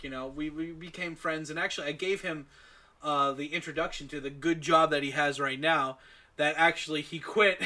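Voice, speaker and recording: A man talking as a podcast guest, telling profane, animated stories in casual chat. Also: on the high side.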